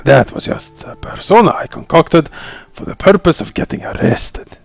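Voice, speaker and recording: A sly, suave fox con man with a mock Spanish accent, put on by a man reading a game aloud. His smooth, drawn-out lines swing up and down with a slight gravelly edge. The voice sounds dry and close, with soft game music underneath. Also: on the high side, lively intonation, no room sound. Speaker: game player voicing characters.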